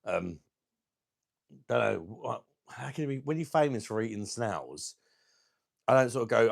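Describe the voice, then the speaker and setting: A man hosting a live stream, chatting casually and bluntly with viewers, crude and quick to laugh at his own jokes. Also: medium pitch, expressive, vocal fry, dry recording, clean studio sound. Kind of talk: casual live chat reading viewer comments.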